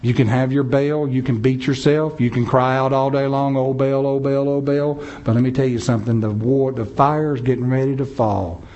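A man's voice: medium pitch, fairly even intonation, a little fast, few pauses, a little mellow. A man preaching a sermon, telling a story with dramatic swings of pace and emphasis. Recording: dull lo-fi sound.

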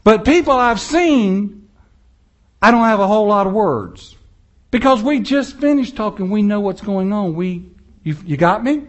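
High-voiced man preaching a lively sermon. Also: unhurried. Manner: animated preaching, acting out prayers and mocking voices. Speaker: pastor.

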